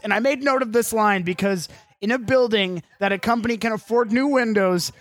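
A man's voice: sits high, brisk, a bit bright, no echo. A man co-hosting a podcast, recapping a film in casual comedic chat and acting out scenes in silly voices.

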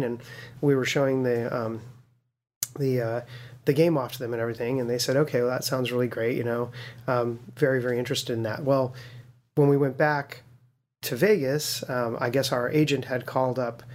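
A man, a game studio co-founder, telling a story in a casual interview, acting out quoted voices with many fillers and restarts. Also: medium pitch. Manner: lively storyteller who acts out quoted voices.

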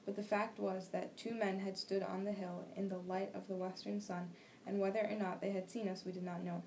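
A young woman reading a novel aloud for a class discussion, steady and plain, with small slips and restarts. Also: mid-range voice, a little fast, low-quality recording. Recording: faint background noise.

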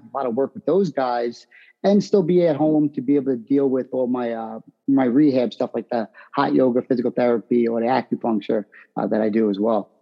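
A man, a boxer giving brash, animated answers in an interview. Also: medium pitch, creaky, dull audio.

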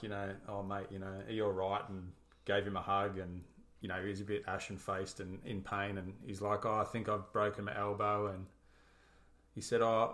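Man, low voice, relaxed and matter-of-fact storyteller. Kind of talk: casual storytelling.

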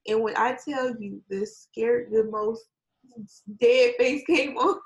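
A woman in casual chat, retelling a story with lively acted-out quotes, swearing and laughing often. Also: fairly high pitch, slow, rough recording. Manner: animated storytelling, acts out quotes.

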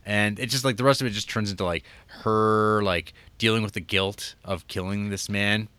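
Low-voiced male co-host, relaxed film recap, dry close sound. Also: moderate pace, clean tone, no room sound. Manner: rambling, filler-heavy recap. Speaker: podcast co-host. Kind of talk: casual film chat.

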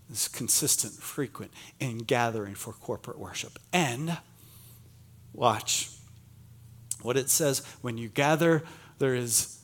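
In a church sanctuary, a middle-aged Pennsylvania pastor delivers a sermon with humorous asides, chatty and self-deprecating as he jokes with the congregation. His voice is mid-range and a bit bright.

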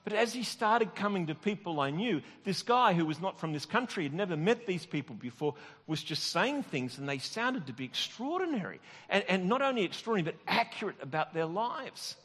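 A man's voice: sits high, big pitch swings, fairly quick, few pauses, a bit bright, slightly rough. A middle-aged man, a pastor, telling a personal story in a conversational, self-deprecating sermon with restarts and chuckles. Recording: long reverb of a large hall.

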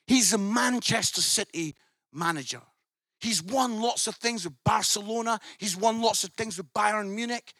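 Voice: medium pitch, bright, forceful tone, husky, dry recording, clean studio sound. A preacher telling a story in a sermon, swelling into emphatic outbursts.

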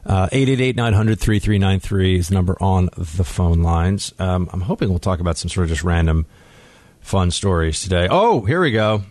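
A man's voice: low voice, moderate pace, a little mellow, dry recording. A man hosting a talk radio show from a studio, chatting loosely with asides and restarts. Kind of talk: casual talk radio chat. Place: radio studio in New York. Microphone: studio microphone.

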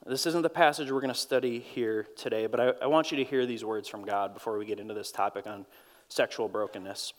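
A man's voice: lowish voice, steady tone, brisk. A man with a Minnesotan accent preaching a sermon to his church, earnest and storytelling, often repeating words as he goes. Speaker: pastor. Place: church auditorium. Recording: long reverb of a large hall.

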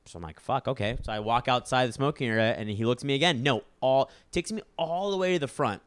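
A man's voice: mid-range voice, lively intonation, quick pace, a bit bright, clear, resonant tone, dry recording. A young man co-hosting a podcast, telling a story in casual chat and acting out other people's lines.

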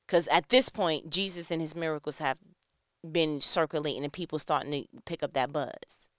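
A woman preaching a sermon, emphatic and conversational, asking rhetorical questions and swinging between loud calls and hushed tones. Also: low-pitched, steady tone, moderate pace, no room sound, studio quality.

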